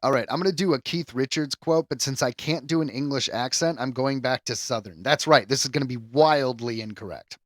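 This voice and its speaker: A man hosting a podcast in casual chat, riffing with animated, self-amused asides. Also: mid-range voice, brisk, few pauses, no room sound, studio quality. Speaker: podcast host.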